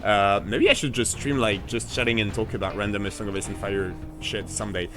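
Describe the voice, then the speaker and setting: A man with a French accent, a French native speaker, chatting casually on a live game stream in a rambling, excitable way with lots of fillers. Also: on the low side, brisk, few pauses, faint music behind.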